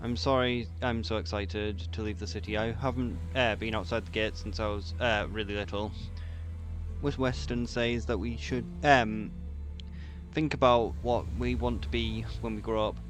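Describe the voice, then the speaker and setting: A man's voice: on the low side, steady tone, moderate pace, music in the background, lightly acted. A man reading as an eager orphan boy. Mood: excited. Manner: reads the quest text aloud, fumbling with fillers.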